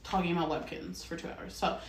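Animated woman, roomy far-off sound. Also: lowish voice, brisk. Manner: animated, swears, many "like" fillers. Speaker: podcast co-host. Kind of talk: casual chat. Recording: roomy echo, a bit far from the mic.

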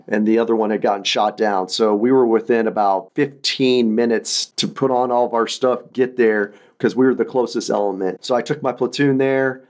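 A man in his thirties, a veteran and podcast guest, recounting his past in an earnest, halting, reflective way with frequent restarts. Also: mid-range voice, darkish tone. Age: 30s. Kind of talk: personal storytelling in an interview.

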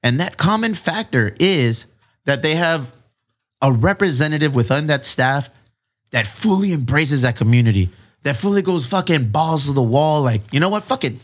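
Animated, cursing podcast host. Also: male voice, fairly high pitch, moderate pace. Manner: animated, profane, repeats phrases for emphasis. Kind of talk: casual podcast chat.

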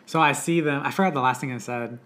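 A man's voice: medium pitch, fast talker, fairly bright tone. A young man talking casually in conversation, rambling and swearing casually.

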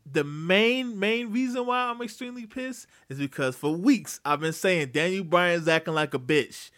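A man's voice: high voice, expressive, moderate pace, a bit bright. A man co-hosting a podcast, ranting animatedly about wrestling with lots of swearing and laughter. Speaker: podcast co-host. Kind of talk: casual wrestling chat.

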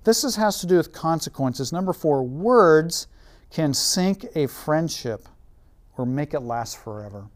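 Guy preaching a sermon, storytelling, gets real soft at times. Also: on the high side, animated, measured pace. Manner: storytelling, drops to a soft, quiet voice for emphasis.

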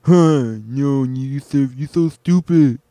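A man voicing a bossy, mocking male friend who scolds him loudly. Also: medium pitch, slow, no room sound, voice pushed up, natural voice. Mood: scornful.

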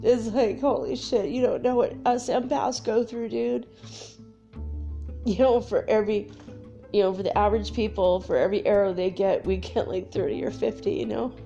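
A woman speaks straight to her viewers in a candid, emotional vlog, laughing easily and swearing casually. Her voice is mellow and warm, and faint music plays underneath. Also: mid-range voice, normal speed, creaky, lo-fi sound. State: tearful at times. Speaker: spiritual vlogger. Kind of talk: casual confessional talk to viewers.

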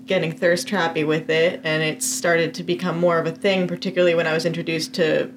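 A woman in her twenties, a podcast guest, telling her story in a relaxed, candid way with loose fillers. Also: low-pitched, fairly quick, slight background noise. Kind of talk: casual conversation. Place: home basement podcast room.

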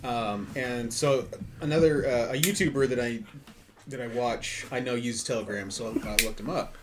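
A man co-hosting a podcast, recounting an anecdote in relaxed, halting casual chat. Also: mid-range voice, noisy background. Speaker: podcast co-host.

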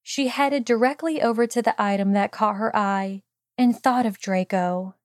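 A woman narrating a fan fiction story in a calm, steady storytelling voice. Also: mid-range voice, normal speed, no echo, clean studio sound. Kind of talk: audiobook reading of fan fiction.

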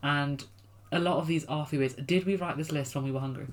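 A woman's voice: low-pitched, fairly even intonation. A young woman co-hosting a podcast, telling stories in a playful, chatty way. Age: young adult. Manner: quick, playful storytelling. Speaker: podcast co-host. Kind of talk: casual chat.

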